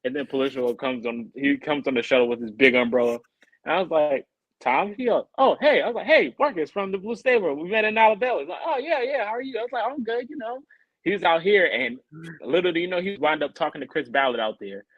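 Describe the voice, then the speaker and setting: Lively man telling a story, dry sound. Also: fairly high pitch, fast talker, dry recording, lo-fi sound. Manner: animated, acts out quoted people in a raised voice. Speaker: podcast co-host. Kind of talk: casual storytelling chat.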